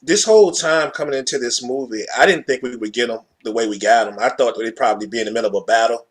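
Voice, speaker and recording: A man's voice: mid-range voice, fast. A man in a casual film review discussion, rambling and leaning on "you know" a lot. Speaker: podcast co-host.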